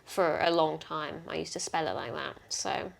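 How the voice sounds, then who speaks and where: A woman's voice: deep voice, normal speed, creaky. Playful woman hosting a chat. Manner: playful, jokey, animated reactions. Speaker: host. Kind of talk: casual chat.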